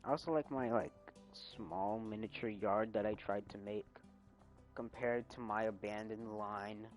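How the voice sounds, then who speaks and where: A young man streaming casually, rambling with many fillers, his volume swinging loud and soft. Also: lowish voice, fairly even intonation, a little slow, rough recording. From United States. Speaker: railfan streamer. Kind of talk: casual gameplay stream chat. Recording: loud music behind.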